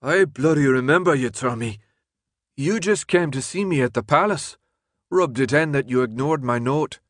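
A man's voice: medium pitch, expressive, normal speed, no room sound, studio quality, voice pushed up, lightly acted. A man reading an audiobook, voicing a sick, bitter teenage boy with a hurt, resentful manner.

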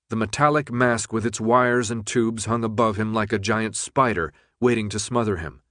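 A man's voice: fairly low pitch, normal speed, few pauses, fairly bright tone, no room sound. Man reading an audiobook, dry close sound. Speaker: audiobook narrator. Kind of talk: scripted narration.

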